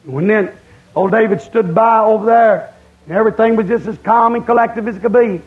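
A man's voice: sits high, a little fast, phone-quality sound. A man preaching a camp-meeting sermon, emphatic and repeating his points.

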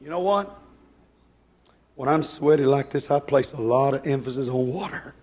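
A man preaching to a church congregation, fervent, swinging between loud outbursts and hushed asides. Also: medium pitch, moderate pace, long pauses, slightly rough. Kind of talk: Pentecostal-style sermon. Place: church service.

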